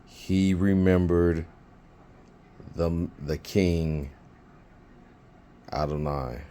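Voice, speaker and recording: Very deep, slow-talking male teacher. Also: fairly even intonation, mellow. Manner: slow, thinking aloud, with fillers and restarts. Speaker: Bible Hebrew teacher. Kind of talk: informal recorded lesson.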